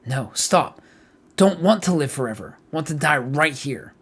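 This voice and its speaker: Man voicing a defiant young woman, bitter, husky, soft music behind. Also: fairly high pitch, lively intonation, unhurried.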